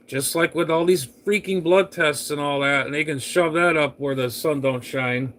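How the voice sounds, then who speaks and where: A man chatting over CB radio. His voice sits a little high and sounds bright and forceful. He rambles along in a fed-up, grumbling way, often trailing into fillers. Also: normal speed, hardly any pauses. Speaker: CB radio operator. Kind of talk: casual radio chat.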